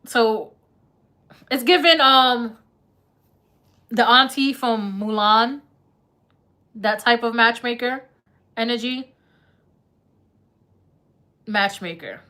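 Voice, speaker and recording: Woman, tarot reader, live reading, chatty, laughs a lot, slangy, bright tone. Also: fairly high pitch, slow, pauses often.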